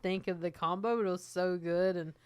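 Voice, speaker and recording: A woman co-host chatting on a podcast, her voice smooth and clear. She tells stories in an animated way, trailing off mid-thought and starting over. The sound is close and dry, with no room echo. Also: on the low side, a little fast. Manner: animated storyteller, trails off and restarts. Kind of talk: casual chat.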